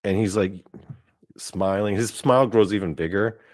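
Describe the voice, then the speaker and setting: A man's voice: fairly low pitch, steady tone, normal speed, darkish tone, no room sound, clean studio sound. A young man hosting his own show, rambling through a long personal story in a casual way, with lots of filler words and cursing. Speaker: podcast host.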